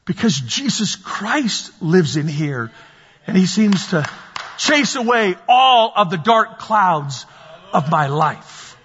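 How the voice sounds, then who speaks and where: A man preaching a sermon as pastor, animated and storytelling, sometimes shouting at the peaks. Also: sits high, slow pace, husky. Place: church sanctuary. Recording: dull sound in a large reverberant hall.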